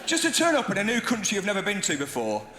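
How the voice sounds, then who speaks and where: A man's voice: sits high, wildly swooping pitch, fast, pushed and bright. A man from Britain doing a stand-up routine with a playful, mocking delivery. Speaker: stand-up comedian. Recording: echoey hall with noise.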